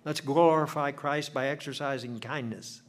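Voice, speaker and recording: A man's voice: medium pitch, fairly even intonation. Older man preaching a folksy sermon. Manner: folksy storytelling with slow emphatic phrasing.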